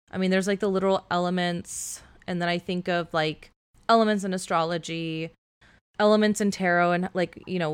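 With a lowish voice and clean tone, a woman co-hosting a podcast animatedly tells a story in casual conversation. She peppers her speech heavily with "like."

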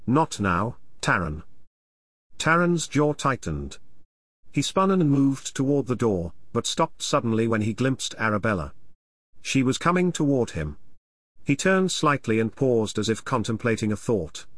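A man narrating an audiobook in a measured, even storytelling manner. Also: medium pitch, dry recording.

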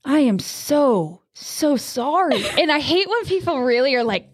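A young woman with a high voice tells a story on a casual podcast. She slips in and out of quoted voices and laughs along the way. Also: very animated, unhurried. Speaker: podcast co-host.

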